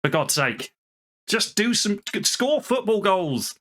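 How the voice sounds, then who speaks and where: A man's voice: sits high, big pitch swings, slow pace, fairly bright tone. A young man commenting casually on a football management game he plays, frustrated and swearing, talking to himself and his players. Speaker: video game streamer.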